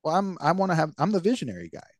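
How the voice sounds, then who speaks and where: A man's voice: fairly high pitch, big pitch swings, very fast, dry recording, clean studio sound. A man hosting a podcast who rambles casually in a conversational rant, with lots of restarts. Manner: rambling, many fillers and restarts. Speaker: podcast host.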